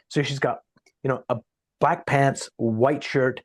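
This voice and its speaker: A man who is a podcast guest, talking casually and telling an anecdote in a lively way, voicing the people in it. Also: medium pitch, normal speed, no echo. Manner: animated anecdote-teller, acts out quotes. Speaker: podcast guest, sales coach. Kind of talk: casual storytelling in conversation.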